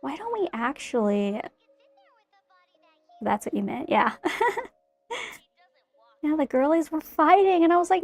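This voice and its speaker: A woman's voice: high-pitched, lively intonation, a little slow, long pauses, no echo, faint music behind. A young woman chatting casually in a bubbly, rambling way while she paints a figure. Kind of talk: casual chat while crafting.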